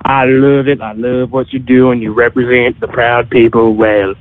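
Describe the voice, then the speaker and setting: A man from Montana calling into a radio show who speaks in a hesitant, halting way. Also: medium pitch, flat delivery, no echo. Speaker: caller. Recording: dry tinny phone line.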